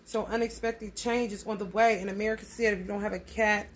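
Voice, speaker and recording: A woman's voice: mid-range voice, fairly even intonation, fairly quick, a little hiss or hum. A woman giving a casual tarot reading, blunt and profane, calling her listeners honey. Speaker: tarot reader.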